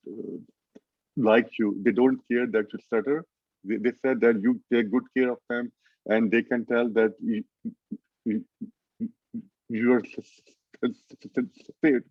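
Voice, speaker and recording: A man with a lowish voice tells a story with a mild stutter and frequent restarts. His sound is thin and phone-like, and dry, as if heard over a call. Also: no echo. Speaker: panelist. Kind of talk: online panel story.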